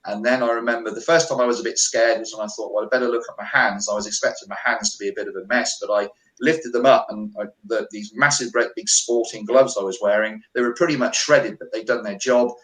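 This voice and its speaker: A middle-aged man from the United Kingdom, a radio interview guest, recounting events in lively first-person storytelling with quoted dialogue. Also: lowish voice, fast talker, reverberant, low-quality recording. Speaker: guest, holistic healer.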